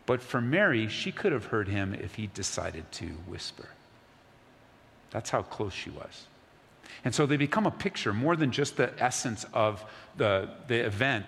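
A man preaching a sermon as pastor, earnest, sometimes dropping to a soft, near-whispered voice. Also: medium pitch. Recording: long hall reverb, faint ambience.

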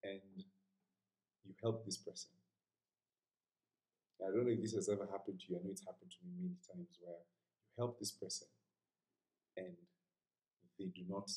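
A man preaching a sermon in an earnest, conversational way, at times sinking to a hushed whisper. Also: low voice, roomy sound, low-quality recording.

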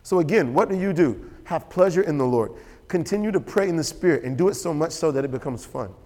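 A man preaching a sermon as pastor, animated and storytelling. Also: fairly high pitch, quick pace. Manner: animated, storytelling with quoted voices and laughter. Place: church sanctuary. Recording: church hall with long reverb.

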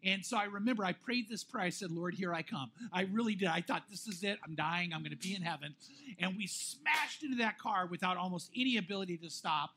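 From the pulpit, a middle-aged male pastor tells a personal story as part of his sermon. He speaks fairly quickly in a high voice, lively and animated, stumbling into restarts and breaking into self-deprecating laughter.

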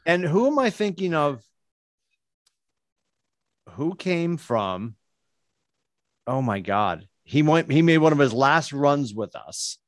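A man's voice: a little high, sing-song, slow, pauses often, dry recording. A man, co-hosting a casual sports podcast in a home studio, talking in long rambling tangents full of filler words. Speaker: podcast co-host. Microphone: studio podcast mic.

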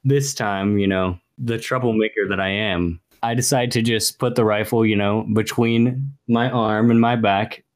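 Low-voiced guy casually playing a tabletop rpg, jokey and easygoing. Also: steady tone, normal speed. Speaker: player. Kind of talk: casual tabletop role-play.

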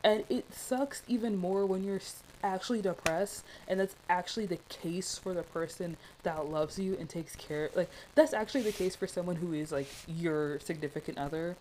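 A woman's voice: lowish voice, normal speed, hardly any pauses, warm tone, slight background noise, low-quality recording. A young woman talking through a film in casual, passionate commentary, rambling with many fillers.

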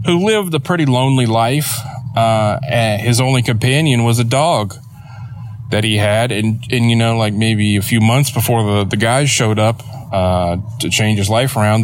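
A man hosting a solo podcast, telling a story in a rambling, profane, self-mocking way, tired after an early start. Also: fairly low pitch. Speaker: podcast host. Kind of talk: casual solo podcast monologue.

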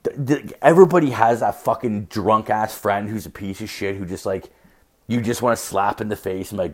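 A man's voice: fairly low pitch, a little fast. A young man podcasting alone, telling rambling stories with constant swearing and filler words. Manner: profane, filler-heavy, storytelling. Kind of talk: casual rambling monologue.

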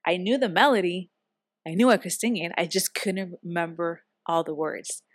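A woman guest recounting stories in easy conversation, her voice sitting a little low. She brings the dialogue to life as she quotes it, and the recording is dry and close. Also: moderate pace, no room sound. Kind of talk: casual conversational storytelling.

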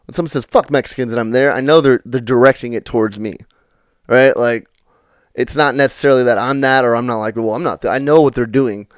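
A man's voice: mid-range voice, brisk, clean tone, no echo, studio quality. A young man hosting a podcast, telling stories off the cuff in a rambling, profane way with lots of fillers. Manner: rambling and profane, full of "you know" fillers. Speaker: podcast host. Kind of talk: unrehearsed storytelling monologue.

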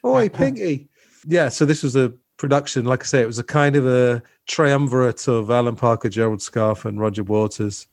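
Give me a man hosting a relaxed film talk, chatty and rambling, in a dry room. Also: medium pitch, fairly quick, few pauses, no room sound. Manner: chatty, with many fillers and restarts. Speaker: podcast host. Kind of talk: casual film discussion.

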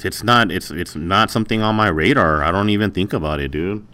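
A man's voice: low voice, fairly quick, bright, forceful tone, slight background noise. A man in casual, swearing banter, defending a cynical point of view in an argument.

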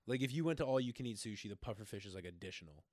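A young man co-hosting a podcast, easygoing but ready to argue, swearing casually in relaxed chat. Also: lowish voice, very fast, no room sound, studio quality. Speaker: podcast co-host.

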